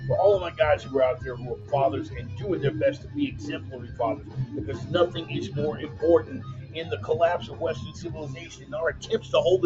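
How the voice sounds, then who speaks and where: Loose-talking man on a lo-fi livestream. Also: fairly high pitch. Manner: loose, joking, calls listeners "man" and "brother". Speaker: host of a weekly online commentary show. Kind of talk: casual livestream talk reading viewer comments. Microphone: laptop mic. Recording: dull lo-fi laptop sound with music underneath. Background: bumper music.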